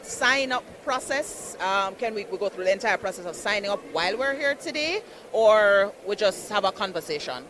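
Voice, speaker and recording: A woman hosts live from a busy conference marketplace, moving between booths. She talks in a chatty, playful and enthusiastic way at an ordinary pitch. Faint hall noise sits behind her. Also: expressive, moderate pace, hardly any pauses. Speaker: event host and roving interviewer. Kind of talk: live event interview.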